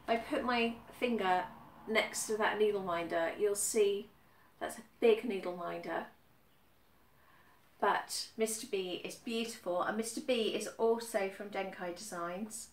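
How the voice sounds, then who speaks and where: A woman's voice: medium pitch, a little slow. A woman from the UK chatting casually about her stitching, with frequent ums and repeated phrases. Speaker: cross-stitch vlogger. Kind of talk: casual chat. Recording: roomy echo, somewhat far from mic, faint background noise.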